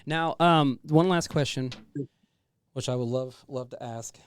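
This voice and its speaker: A man's voice: mid-range voice, unhurried, clean tone. A man hosting a casual podcast interview, talking in a loose, effusive way, swearing freely and saying "dude" again and again. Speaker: podcast host.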